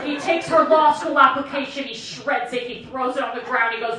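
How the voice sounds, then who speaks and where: A woman in her late twenties performing a stand-up set, telling self-deprecating stories in an animated way. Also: high voice, a little slow, crowd noise. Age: late 20s. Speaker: stand-up comedian. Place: comedy club stage with audience laughter. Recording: echoey room, distant mic, audible noise.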